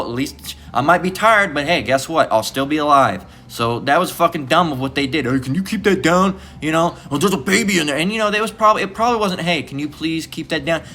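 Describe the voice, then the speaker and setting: A man's voice: on the high side, bright, forceful tone, a little hiss or hum. Profane, rambling man preaching scripture. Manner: rambling, profane, repeats "all right?". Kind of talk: informal scripture lesson.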